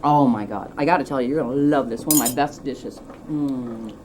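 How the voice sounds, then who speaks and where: A woman cooking-show host, her voice rumbling low and darkish at a moderate pace, shows how to make a dish in an enthusiastic, chatty manner, teasing lightly. A faint hiss or hum sits under the recording.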